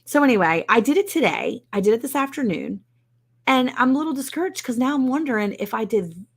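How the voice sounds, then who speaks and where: A woman's voice: on the high side, expressive, a little fast, breathy edge. A woman hosting a casual live stream from home, chatting wryly and mocking herself as she answers viewers' comments. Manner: chatty, wry, self-mocking. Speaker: host of a live ranch stream. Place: indoors at home.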